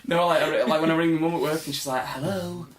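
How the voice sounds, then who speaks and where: A man's voice: on the high side, steady tone, very fast, very noisy. A young man, co-hosting a podcast at his house in casual, rambling chat, laughing and swearing freely. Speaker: podcast co-host. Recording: echoey room.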